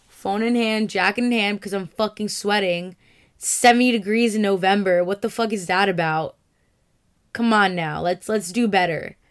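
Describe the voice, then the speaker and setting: A woman's voice: medium pitch, clean tone. A young woman telling a casual, profane story, acting out her own reactions as she goes.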